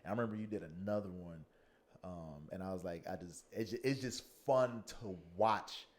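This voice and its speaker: A low-voiced man hosting a casual podcast interview speaks at normal speed as he energetically recalls a shared memory. An excitable storyteller, he acts out how the crowd reacted.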